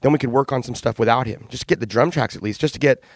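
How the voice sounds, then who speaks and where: A man of ordinary pitch tells frank, animated stories about making a record, swearing freely and laughing now and then. He is recorded up close with a dry sound. He is speaking as a band's frontman in a casual interview. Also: quick pace, gravelly, no room sound. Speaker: band frontman and singer.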